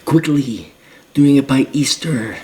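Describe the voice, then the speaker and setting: Sarcastic, lively ranting man. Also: medium pitch, takes it slowly. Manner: sarcastic, mocking, with mimicking asides. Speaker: commentary host. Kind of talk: ranting commentary.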